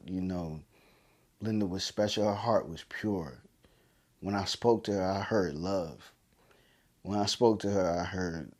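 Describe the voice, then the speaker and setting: A man's voice: lowish voice, darkish tone. A man hosting a podcast, telling heartfelt family stories, choked up and emotional, with many fillers. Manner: heartfelt, repetitive, lots of fillers. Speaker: podcast host. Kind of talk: emotional personal storytelling.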